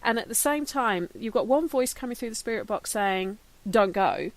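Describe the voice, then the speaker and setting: A woman's voice: a little high, a little fast, no room sound. A British woman hosting a casual interview in a friendly, conversational way with plenty of fillers. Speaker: host.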